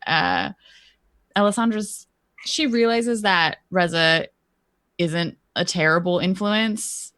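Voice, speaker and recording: Gravelly-voiced woman, sarcastic player. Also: on the low side, pushed and bright, no echo. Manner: rambling, dry sarcastic. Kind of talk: casual tabletop play.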